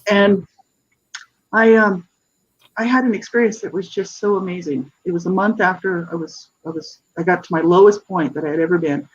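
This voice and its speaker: In a muffled recording, a woman in her fifties with a low-leaning, slightly rough voice speaks at normal speed. She is an author and advocate appearing on a radio interview, earnestly and searchingly telling her story with frequent restarts and asides like "you know, right?"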